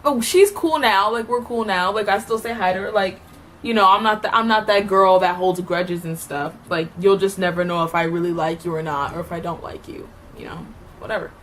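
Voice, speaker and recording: A woman's voice: medium pitch, a little fast, a bit bright, a little hiss or hum. A young woman telling stories from school in a casual vlog, chatty and giggly, with lots of "like" fillers. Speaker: vlogger.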